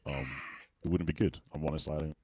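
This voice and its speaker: A man's voice: extremely low pitch, fairly even intonation, fast talker, heavy background noise. A British man hosting a livestream interview over a video call, teasing and joking in casual chat. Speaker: livestream host.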